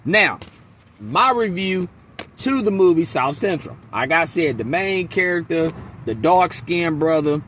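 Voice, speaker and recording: A man giving a casual movie reaction, ranting in a profane, animated, rambling way. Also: a little high, unhurried, a little hiss or hum. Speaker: movie reviewer.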